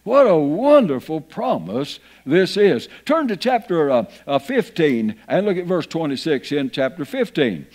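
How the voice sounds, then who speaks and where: A man's voice: a little high, very animated, a little slow, hardly any pauses, a little mellow. A man over fifty preaching a sermon in a church, reading scripture aloud with folksy asides. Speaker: pastor. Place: church sanctuary.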